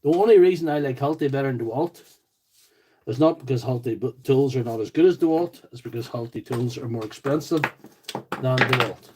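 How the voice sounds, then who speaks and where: A man's voice: medium pitch, a little fast, a little mellow, a little hiss or hum, poor audio. A man from County Tyrone with a Northern Irish accent, chatting casually on a tool repair livestream, joking and answering viewer comments while he works. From Northern Ireland. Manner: chatty, joking, rambling asides while working.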